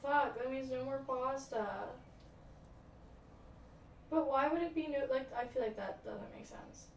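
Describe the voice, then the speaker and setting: A young woman chats on a livestream in a dramatic, swear-heavy way, with lots of "like" and "um." Her voice sits a little high and sounds set back from the mic. The room gives it an echo over faint ambient noise. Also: measured pace, recorded from a distance. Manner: chatty, dramatic, swears freely, many "like" and "um" fillers. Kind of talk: casual chat, answering viewer comments.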